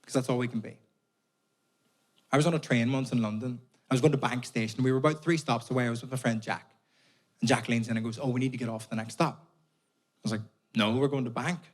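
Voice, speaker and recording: A young Irish man doing a stand-up comedy set, telling stories casually with plenty of swearing and putting on voices for other people. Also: medium pitch. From Northern Ireland. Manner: conversational storytelling, swears freely, puts on voices for others. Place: theatre stage before a laughing audience.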